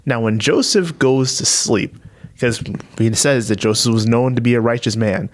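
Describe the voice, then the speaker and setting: A man co-hosting a casual faith podcast, retelling a Bible story with animated asides and frequent laughter. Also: medium pitch, moderate pace. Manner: storytelling, animated, laughs often, acts out quotes. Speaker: podcast co-host.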